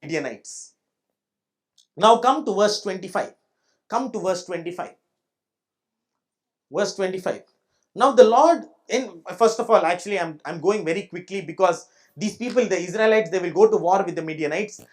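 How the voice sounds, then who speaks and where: A man's voice: sits high, normal speed, long pauses. A male pastor with an Indian English accent delivers a sermon in church. He drives each point home by repeating it. He often turns to the congregation to ask whether they follow. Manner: emphatic, repeats points and checks the audience understands. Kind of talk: preaching a sermon.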